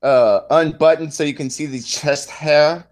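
Halting male podcast co-host. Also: on the high side. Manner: halting, restarts sentences. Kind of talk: casual chat about a TV show.

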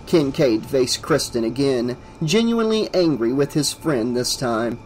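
A man reading aloud as the narrator of a horror audiobook, in a steady, measured way. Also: mid-range voice, faint music behind, poor audio. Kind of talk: scripted narration.

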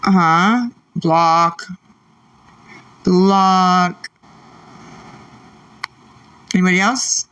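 A man's voice: high-pitched, bright, forceful tone. A man live-streaming late at night, irritably snapping back at commenters and muttering repeated words. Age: adult parent. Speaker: livestreamer reading chat.

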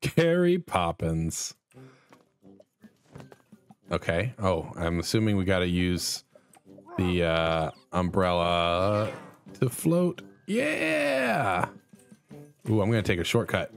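A man hosting a casual let's play, commenting on a silly game and jumping into high excited yelps. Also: slow pace, pauses often, faint music behind. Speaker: gaming channel host.

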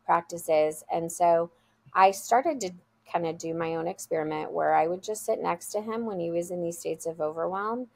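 In an interview, a school guide tells an earnest, heartfelt story, repeating phrases for emphasis. Her voice is on the low side and creaky, and her pace is moderate.

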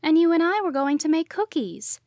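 A woman voicing a caring, puzzled middle-aged mother who asks gentle, worried questions. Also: very high-pitched, lively intonation, moderate pace, dry recording, clean studio sound, pitched above the performer's own voice.

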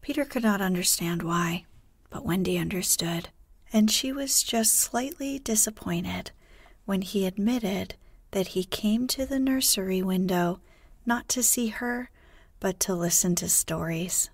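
A woman narrating a sleep story in a gentle, hushed, breathy reading. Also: mid-range voice, unhurried, dry recording.

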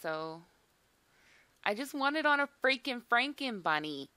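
A young woman hosting a gaming video in casual chat, excitable, swearing and saying "like" a lot. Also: a little high, a little slow, smooth, dry recording. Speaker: gaming channel host.

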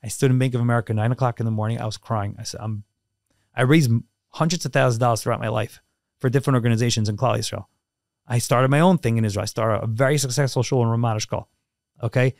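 A man's voice: mid-range voice, darkish tone, no echo, studio quality. Emphatic man telling a personal story. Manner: emphatic, repetitive, emotional. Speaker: podcast guest.

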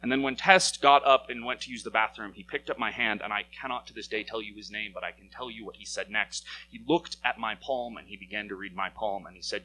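A young American man tells a personal story on a small stage into a handheld mic. His voice is bright and pushed forward, with a wry, lively manner. A faint hum sits behind him. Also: lowish voice, fairly quick, hardly any pauses, low-quality recording. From United States. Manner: lively and wry, voice rising as it builds. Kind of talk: live story slam telling.

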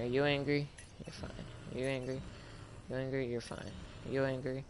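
A man's voice: medium pitch, flat delivery, brisk. Male gamer, playful running commentary, heavy game noise behind. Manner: joking, talks to game characters. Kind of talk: casual gameplay commentary.

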